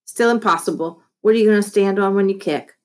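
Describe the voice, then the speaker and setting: A woman's voice: medium pitch, fairly quick, voice pushed up, natural voice. A woman voicing a clever young boy who turns whiny and indignant, in a raised voice.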